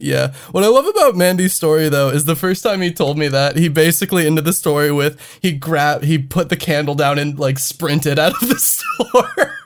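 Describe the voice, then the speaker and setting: A young man co-hosting a podcast, dropping quick teasing remarks into the talk. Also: a little high, wildly swooping pitch. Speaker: podcast co-host. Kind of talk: casual podcast chat.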